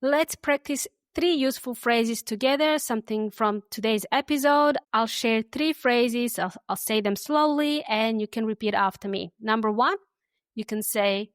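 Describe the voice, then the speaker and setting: A woman hosting an English lesson podcast, friendly and easygoing, who says example phrases slowly and repeats them for listeners to copy. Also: on the high side, no echo, clean studio sound. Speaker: English teacher and podcast host.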